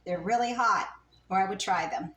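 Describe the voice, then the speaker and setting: A woman's voice: medium pitch, normal speed, background noise. Chatty woman cooking in a roomy kitchen. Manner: chatty, thinking aloud while working. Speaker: home cook. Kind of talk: casual cooking demonstration. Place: home kitchen.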